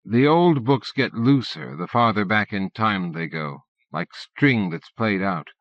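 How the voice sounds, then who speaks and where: A man voicing a reflective robot that carries a dead man's memories, in a calm, measured way. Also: on the low side, dry recording. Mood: earnest. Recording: dull dry cassette-era audiobook recording.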